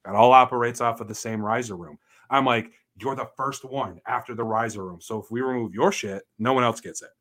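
A man co-hosting a casual podcast, ranting in a profane, animated way while telling stories about his work. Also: mid-range voice, a little fast. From Georgia, US. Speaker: podcast co-host. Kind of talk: casual chat.

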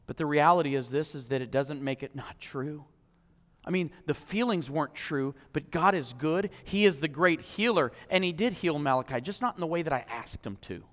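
Guy pastor giving a sermon, bright ringing voice, goes from shouting to quiet, echo of a big hall. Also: on the high side, a little fast. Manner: impassioned, swings from shouting to hushed. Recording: long hall reverb.

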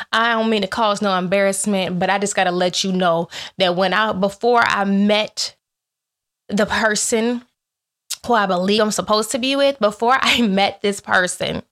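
A woman vlogger in casual faith talk to her viewers, telling animated stories in which she acts out both her own lines and God's replies, with playful asides. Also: medium pitch.

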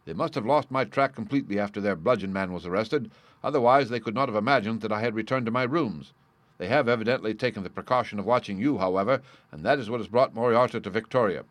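A calm, commanding detective, as a male audiobook reader puts him on, precise and a touch superior in every line. The voice sits a little low, and the recording is dry and close. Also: quick pace, dry recording, natural voice. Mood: explaining. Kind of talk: audiobook character reading.

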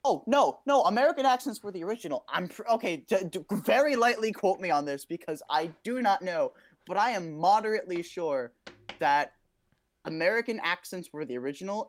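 Young woman with a low voice chatting loosely, lots of laughs and side comments. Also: expressive. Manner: chatty, laughs often, quick asides. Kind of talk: casual chat.

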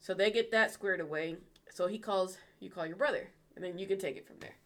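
A woman's voice: fairly low pitch, a little fast. A woman co-hosting a casual chat, telling a story with lots of swearing and acted-out quotes of what people said. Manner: animated, swears freely, acts out quoted dialogue. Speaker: podcast co-host.

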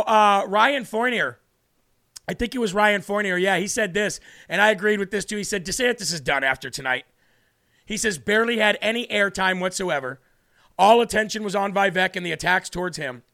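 An animated American man runs a live political commentary stream, firing off mocking asides and rapid rhetorical questions. His voice sits high and bright, with a gravelly edge that comes through often.

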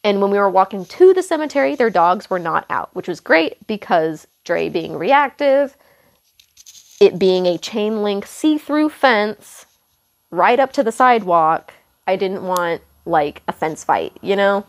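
A young woman hosts a podcast and tells a casual, meandering story, backtracking and correcting herself as she goes. Her pitch rises and falls a lot, and a gravelly fry runs under her voice. She fills her pauses with loose asides. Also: expressive. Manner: rambling, self-correcting, lots of fillers and asides. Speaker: podcast host.

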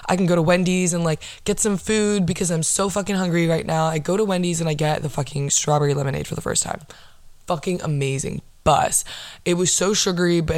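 A woman's voice: sits low, dry recording. A young woman hosting a solo podcast, telling an exasperated story full of profanity. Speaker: podcast host.

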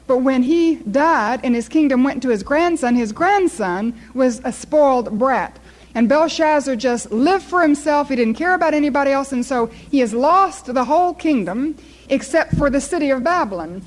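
High-voiced woman preaching a sermon. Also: animated, normal speed, low-quality recording. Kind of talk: sermon with storytelling.

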